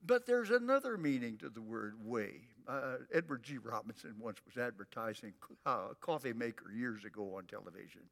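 An older man preaching a sermon in a folksy, emphatic way, drawing out repeated phrases slowly. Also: medium pitch, animated, vocal fry, fairly bright tone, big-room sound. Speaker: pastor.

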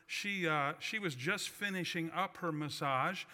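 Speaking a little slowly in a somewhat high voice that sounds pushed and bright, a male pastor tells a personal anecdote in his sermon, poking fun at himself in a folksy way. A big hall's long reverb fills the recording.

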